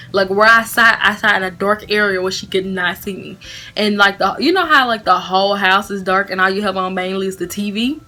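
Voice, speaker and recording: Young woman, vlogger, casual storytime, bright voice, faint music behind. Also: medium pitch. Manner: casual, chatty, laughing storyteller. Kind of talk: storytime vlog.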